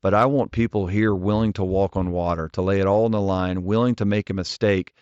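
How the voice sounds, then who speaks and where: Man, 40s, ministry leader guest, earnest and direct, low voice, dry dull podcast sound. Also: fairly even intonation, fairly quick, darkish tone, clear, resonant tone, no echo. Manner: earnest, direct, frequent restarts. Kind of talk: conversational interview storytelling.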